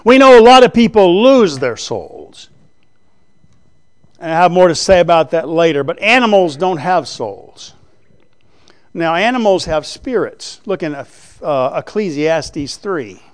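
A man's voice: a little high, lively intonation, unhurried. A man preaching a Bible teaching sermon in a conversational way, often checking in with the listeners through rhetorical questions. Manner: writes on a board while teaching.

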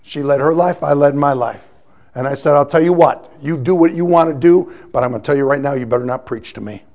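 Gravelly man telling a lively testimony. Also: a little high, brisk. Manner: animated storytelling, acts out quoted voices. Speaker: testimony speaker. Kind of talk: personal testimony.

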